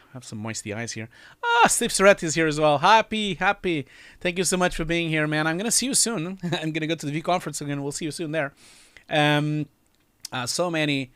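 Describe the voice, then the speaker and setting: A man's voice: a little high, a bit bright, clear, resonant tone, no room sound. A man in his forties hosting his own livestream, chatty and emotional, laughing often as he reads messages. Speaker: channel host. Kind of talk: casual livestream chat.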